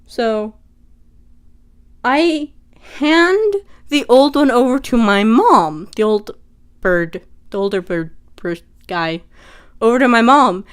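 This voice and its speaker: A woman's voice: a little high, slow, long pauses, smooth. Chatty young woman telling a story. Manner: chatty, animated retelling with many "like"s. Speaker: vlogger. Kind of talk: storytime vlog.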